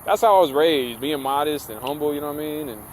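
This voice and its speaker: A man's voice: a little high, fast. Man ranting over street noise. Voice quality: profane, slangy, rambling. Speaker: vlogger. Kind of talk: casual rant to camera.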